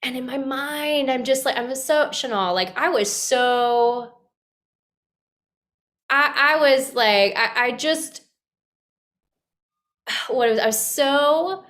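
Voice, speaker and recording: A woman guest on a podcast telling a personal story in a casual, animated way, with many fillers and restarts and acted-out quotes. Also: sits high, takes it slowly, long pauses.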